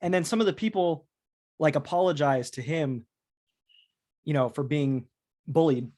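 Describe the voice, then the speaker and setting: A man's voice: a little high, moderate pace, dark tone. A man in his thirties hosting a podcast, chatting casually and rambling, swearing freely with frequent restarts. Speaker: podcast host. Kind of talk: casual chat.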